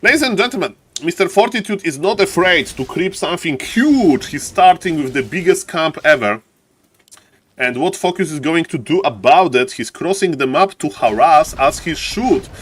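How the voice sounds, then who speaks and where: Guy casting a strategy game live, hyped, keeps saying ladies and gentlemen, bit high voiced. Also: normal speed, a little hiss or hum. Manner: excitable, repeats phrases, often says "ladies and gentlemen". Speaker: esports caster.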